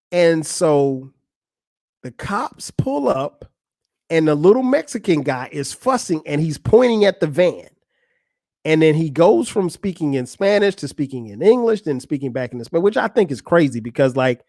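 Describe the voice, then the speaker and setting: A podcast host with a fairly high pitch talks at normal speed through a storytelling monologue, telling something funny in a casual, cursing manner. He's animated and acts out what others said. Studio quality, no echo.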